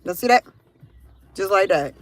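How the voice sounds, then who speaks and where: A middle-aged woman hosting a casual live stream, talking loudly and profanely in an animated rant from outdoors near a car on her phone. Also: mid-range voice, normal speed, soft background music. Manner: loud, profane, animated ranting. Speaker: livestream host.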